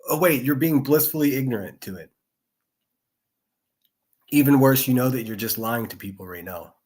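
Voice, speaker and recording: A man doing angry reaction commentary as a streamer, crude and mocking, swearing constantly. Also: mid-range voice.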